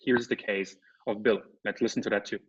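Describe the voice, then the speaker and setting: A man's voice: fairly low pitch, steady tone, brisk, slightly rough. A man giving an academic lecture as a guest speaker. He explains step by step and often checks in with "right?" or "okay?". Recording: slightly muffled lecture audio.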